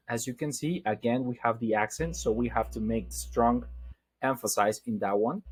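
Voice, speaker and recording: A man, teaching a vocabulary lesson and repeating each word slowly with stressed syllables. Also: mid-range voice, expressive, breathy edge, soft background music, low-quality recording. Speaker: Spanish teacher.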